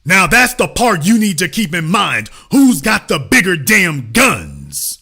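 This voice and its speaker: A man's voice: high voice, wildly swooping pitch, measured pace, creaky, pushed and bright, breathy edge. A middle-aged man hosting a political commentary show, talking in an emphatic, sarcastic preaching cadence.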